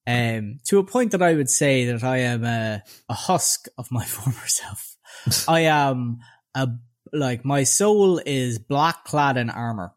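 A man in his twenties with a Dublin accent, telling a story in a casual chat. He is animated, sweary and sardonic. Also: mid-range voice, slow. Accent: Dublin Irish. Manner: animated, profane, sardonic anecdote-telling with voiced quotes. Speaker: podcast co-host.

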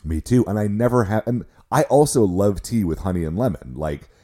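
An American podcast co-host with a very low, hoarse voice roughened by a cold. His tone is dark and mellow, and he keeps the talk relaxed and jokey. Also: brisk. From United States. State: hoarse, deep sick voice. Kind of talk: casual chat.

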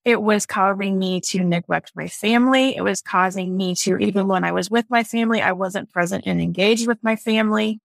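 A woman's voice: medium pitch, brisk, vocal fry, hardly any pauses, dry recording. A woman guest on a podcast, talking in a reflective, earnest way about her own experience. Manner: reflective, earnest, speaks in lists. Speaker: podcast guest, business owner. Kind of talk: casual interview talk.

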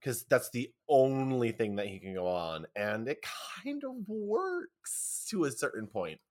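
Lively-voiced man rambling playfully. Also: medium pitch, a little slow. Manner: rambling, lots of "like" and restarts, playful. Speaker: podcast co-host. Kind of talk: casual chat recapping a TV episode.

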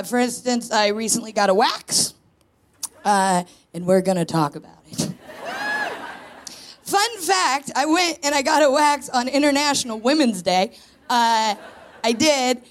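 A woman's voice: fairly high pitch, sing-song, measured pace, slight background noise. A woman in her thirties doing a frank, self-mocking stand-up comedy set on a live stage. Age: 30s. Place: live stage in a tent before an audience.

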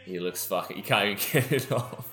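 A man's voice: on the low side, brisk, fairly bright tone, roomy sound, soft background music. A young Australian man co-hosting a podcast, teasing his mate in a jokey, sweary way. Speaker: podcast co-host. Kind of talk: casual chat.

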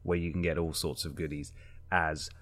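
A man's voice: very deep voice, normal speed. A man hosting a video game podcast, chatting casually and teasing his co-hosts. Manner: lively, teasing, reads sponsor bits. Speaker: podcast host. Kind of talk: casual chat.

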